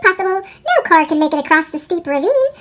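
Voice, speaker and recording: A woman voicing a thoughtful female spider in a storybook reading, her voice sped up into a chipmunk pitch. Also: big pitch swings, quick pace, a bit bright, heavily acted. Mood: musing. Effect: sped-up chipmunk pitch shift.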